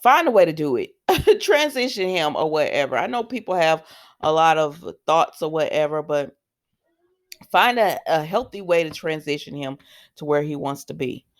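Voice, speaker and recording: A woman's voice: sits low, sing-song, normal speed. Chatty woman recapping a soap. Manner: chatty, retelling scenes with fillers and asides. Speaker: soap opera recap host. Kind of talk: casual recap vlog.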